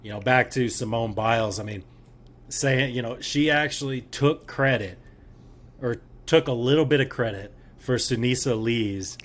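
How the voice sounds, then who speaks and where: A man's voice: medium pitch, normal speed, fairly bright tone. A middle-aged man co-hosting a podcast, speaking earnestly and emphatically in a reflective way. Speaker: podcast co-host. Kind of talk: casual opinionated chat.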